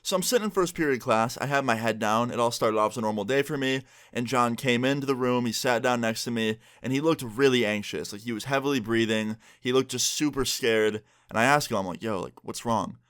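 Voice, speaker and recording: A young man telling a story from his school days in a relaxed, slangy way, filler words throughout. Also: medium pitch, brisk, few pauses. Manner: laid-back, slangy, lots of "like" and "bro". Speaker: YouTuber. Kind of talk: casual storytime vlog.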